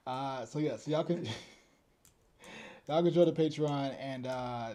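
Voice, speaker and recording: Laid-back man with a warm dark voice. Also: mid-range voice, slow. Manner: laid-back, easygoing, plugs the membership. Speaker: co-host of a true crime live stream. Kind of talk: casual live-stream chat.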